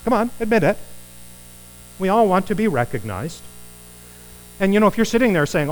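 A man preaching a conversational sermon, animated and putting rhetorical questions to his listeners. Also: high voice, moderate pace, pauses often, poor audio.

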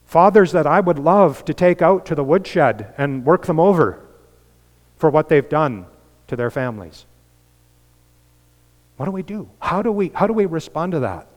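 A man's voice: on the high side, lively intonation, moderate pace, long pauses. Earnest male pastor in a reverberant hall. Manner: earnest, with rising emphatic peaks and soft drops. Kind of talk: sermon. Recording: long reverb of a large hall.

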